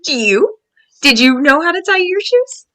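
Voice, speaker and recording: A woman reading a picture book aloud to young children, animated and exclamatory, gasping and asking them questions. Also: high-pitched, normal speed, poor audio. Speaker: storyteller for children.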